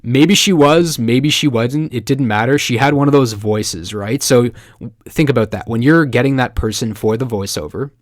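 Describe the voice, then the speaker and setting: A man from Canada hosting a casual marketing tutorial, chatty and excitable, breaking into jokes and acted-out quotes. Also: mid-range voice, normal speed, dry recording, studio quality. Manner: chatty, excitable, joking asides, acts out quoted voices. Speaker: marketing video host. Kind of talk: casual talking-head tutorial.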